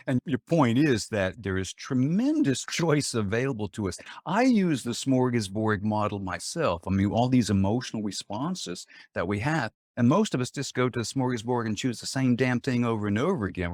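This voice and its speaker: A man's voice: medium pitch, lively intonation, moderate pace, no echo. A man hosting an interview, adding wry, blunt remarks. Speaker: host. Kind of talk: conversational interview.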